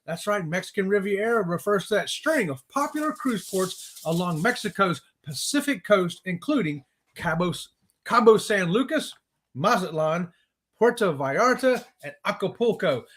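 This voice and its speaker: A man's voice: high-pitched, expressive, moderate pace, fairly bright tone. Easygoing guy cohosting a morning livestream, joking and laughing a lot. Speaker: co-host of a live morning cruise show. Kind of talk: casual live-stream chat.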